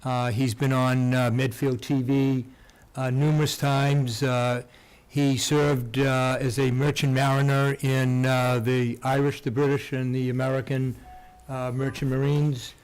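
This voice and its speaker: Man with a flat, hesitant meeting voice. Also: medium pitch, clear, resonant tone. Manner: halting, many ums and uhs. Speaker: town board member. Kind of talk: public meeting remarks. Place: town meeting room.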